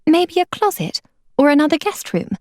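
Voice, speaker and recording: A woman reading aloud, voicing a sharp, proud teenage girl who speaks in a higher, snappy voice. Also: sing-song, normal speed, no room sound, studio quality. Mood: impatient.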